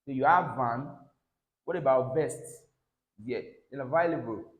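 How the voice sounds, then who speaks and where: A man's voice: medium pitch, measured pace, narrow, tinny audio. A man teaching a pronunciation lesson, repeating words and checking in with "all right?". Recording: echoey room.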